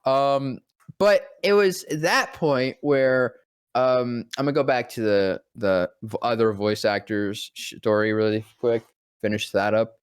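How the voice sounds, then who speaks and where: Young male voice actor, rambling, profane storyteller, dry close sound, mid pitch. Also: clean tone, no echo. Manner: rambling, profane, quick to laugh. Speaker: podcast guest, voice actor. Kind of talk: casual storytelling chat.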